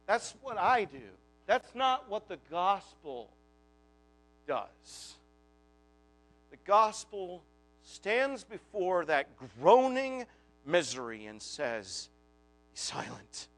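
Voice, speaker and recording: Very high-voiced male preacher. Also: very animated, extremely slow, pauses often, a bit bright. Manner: conversational, full of rhetorical questions. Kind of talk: sermon. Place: church.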